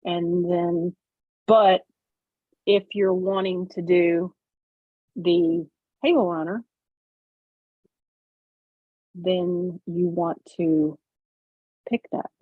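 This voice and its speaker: A woman's voice: lowish voice, fairly even intonation, slow pace, long pauses, no echo. Chatty woman on a thin, phone-like line. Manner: chatty, explains step by step with many fillers. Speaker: host. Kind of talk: casual livestream chat. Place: home sewing room on a video call.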